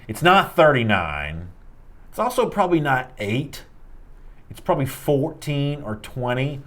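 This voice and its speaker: Lively, animated sports show co-host. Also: male voice, fairly low pitch. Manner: animated, quick to joke about himself. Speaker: co-host answering trivia. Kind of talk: casual sports talk show banter.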